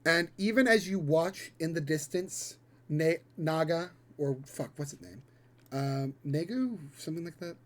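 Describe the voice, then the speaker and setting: A man's voice: on the high side, lively intonation, fairly bright tone. A man running a tabletop role-playing game and narrating the scene, with fillers and the odd curse. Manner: descriptive, halting with fillers and swears. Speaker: game master.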